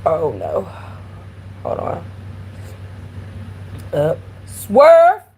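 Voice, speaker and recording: A woman with a husky, slightly breathy voice talks on a live stream from home. Her stories come out animated and slangy, full of blunt cursing and asides to her viewers. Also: lowish voice, drawn-out words, poor audio. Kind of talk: casual live-stream chat. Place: at home in an apartment.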